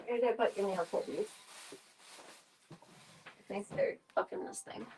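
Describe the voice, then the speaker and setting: A woman's voice: mid-range voice, unhurried, background noise. A woman streaming casual chat, narrating chores and talking baby-talk to her cats.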